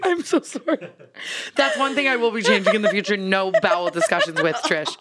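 Rapid, rambling woman podcast guest. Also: mid-range voice, expressive, heavy background noise. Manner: rambling, candid, apologetic, giggly. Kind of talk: casual chat.

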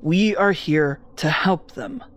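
A woman voicing a cold, calm female nurse who speaks in a flat, almost robotic monotone, in a horror story. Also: low-pitched, takes it slowly. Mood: serene.

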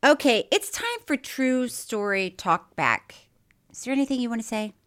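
A woman's voice: on the high side, lively intonation, normal speed, fairly bright tone. A middle-aged woman co-hosting a podcast in casual chat, laughing often and reading listener mail aloud. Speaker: podcast co-host.

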